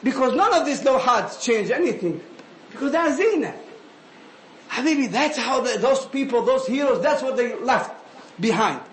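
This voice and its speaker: A man giving an animated sermon, often calling listeners "habibi". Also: very high voice, moderate pace. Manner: animated, switching between English and Arabic phrases, calling listeners "habibi". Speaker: preacher. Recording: echoey room with faint ambient noise.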